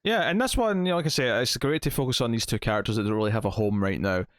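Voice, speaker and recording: A man's voice: mid-range voice, racing, no echo, studio quality. A man co-hosting a comics review podcast, chatting casually and thinking aloud with fillers. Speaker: podcast co-host.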